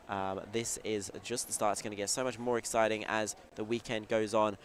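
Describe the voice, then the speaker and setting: A man doing live play-by-play commentary at a competition, quick and upbeat. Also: lowish voice, level tone.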